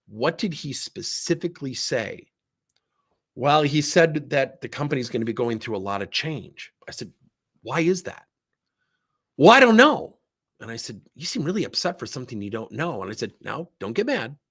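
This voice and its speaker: A middle-aged man with a gravelly, husky voice coaching on leadership. He tells workplace stories and acts out both sides of each exchange, and his pitch swings widely. The delivery is animated and lively. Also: fairly quick. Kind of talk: livestream talk with acted anecdotes.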